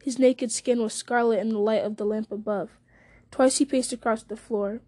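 A woman giving a measured, storytelling reading of a fantasy novel. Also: a little high, steady tone, warm tone. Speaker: audiobook reader.

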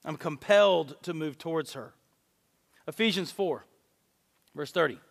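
A man preaching a sermon, telling stories and acting out the dialogue with lively emphasis. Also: a little high, measured pace, gravelly. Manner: animated storytelling with acted-out dialogue. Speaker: pastor. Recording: long reverb of a large hall.

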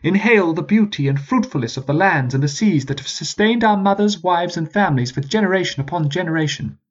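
A man's voice: high-pitched, lively intonation, brisk, muffled recording, voice pushed up. A man voicing a pompous posh sergeant who stutters on his D's and P's and speechifies grandly.

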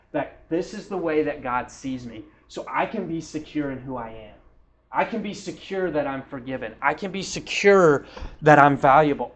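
A man giving a sermon at church in a loose, conversational way, full of fillers and restarts. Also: a little high. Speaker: pastor. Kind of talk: casual sermon. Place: church hall.

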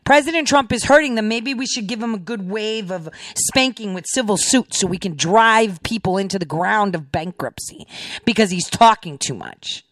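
A woman's voice: mid-range voice, expressive, moderate pace, dry recording, clean studio sound. A woman hosting a show and giving political commentary on played clips, in a sarcastic way full of rhetorical questions. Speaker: podcast host.

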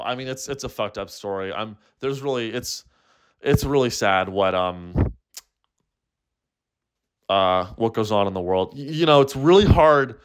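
A man's voice: mid-range voice, a bit bright, clean tone. Young man, comedian podcast host, profane, rambling, restarts sentences, mid-range voice. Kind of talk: solo comedy podcast rant.

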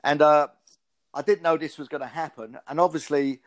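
Animated storytelling British man. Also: fairly high pitch, moderate pace. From United Kingdom. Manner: animated storyteller with frequent restarts. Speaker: guest, former pro boxer and speaker. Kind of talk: casual interview storytelling.

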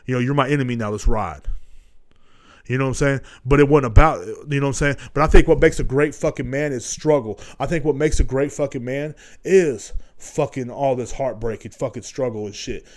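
A man in his thirties hosting a solo podcast, talking in a rambling, profane monologue that swings between loud ranting and low muttering. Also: brisk. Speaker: podcast host.

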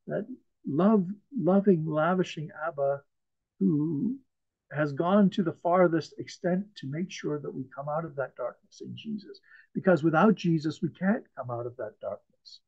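Man, pastor, emphatic sermon, soft chuckles, dull lo-fi call audio. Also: on the high side, no echo. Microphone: video call.

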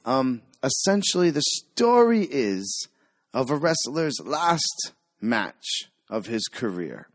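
A man's voice: mid-range voice, sing-song, slow, no room sound, clean studio sound. Profane, rambling male podcast host. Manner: rambling, stumbling over words, profane joking. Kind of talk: casual chat.

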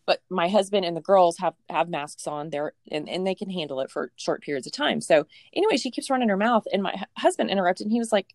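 A woman in her thirties telling a personal story in a casual, animated way, laughing often and acting out what people said. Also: fairly low pitch, fast talker, hardly any pauses, dry recording, clean studio sound. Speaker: storyteller guest.

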